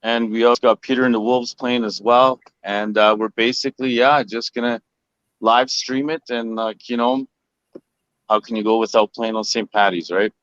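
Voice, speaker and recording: A man as a music guest on a talk show, speaking in a relaxed, easygoing way. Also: mid-range voice, moderate pace, smooth, dry recording, lo-fi sound. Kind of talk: casual interview.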